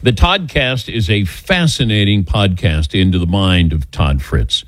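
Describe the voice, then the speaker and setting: A man hosts a sports talk radio show in a lower voice that moves around a lot. His delivery is dry and wry. The sound is close and dead, with no room echo. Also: expressive, unhurried.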